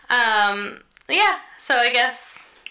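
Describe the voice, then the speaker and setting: A young woman talks through a show in a loose, chatty way, filling pauses with likes and ums. Her tone is bright and ringing. She swears offhandedly and laughs easily. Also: sits high, rough recording. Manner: chatty, filler-heavy, swears casually, laughs often. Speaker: podcast co-host recapping a show. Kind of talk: casual chat.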